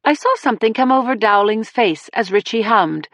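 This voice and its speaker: A woman narrating a first-person crime thriller audiobook in a dramatic, measured reading. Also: a little high, animated, fairly bright tone, dry recording.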